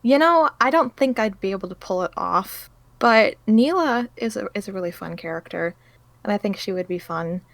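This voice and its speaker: A woman's voice: mid-range voice, lively intonation, normal speed, creaky, fairly bright tone, no echo. A woman who does voice acting, answering interview questions casually, laughing often and hesitating with fillers. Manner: giggly, hesitant with many fillers. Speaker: voice actor, interview guest.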